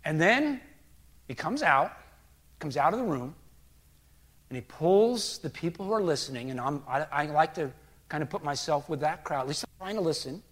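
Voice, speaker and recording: An older male pastor preaching a sermon through a story, animated and acting out quotes as he goes. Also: a little high, moderate pace.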